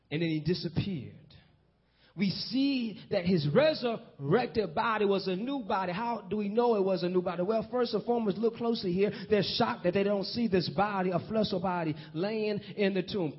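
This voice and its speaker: A man preaching a sermon, swinging from hushed low passages to loud excited calls. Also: husky. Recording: dull lo-fi recording.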